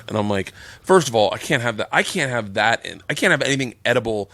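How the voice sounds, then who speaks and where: A man who is a podcast guest, telling excitable, profane stories in casual chat. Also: on the low side, quick pace, dry recording.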